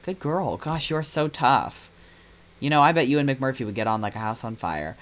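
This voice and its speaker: Man reading as a soft-spoken British assistant, coaxing and earnest. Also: mid-range voice, lively intonation, normal speed, lightly acted. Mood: gentle. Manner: gentle, coaxing. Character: earnest young male vet assistant.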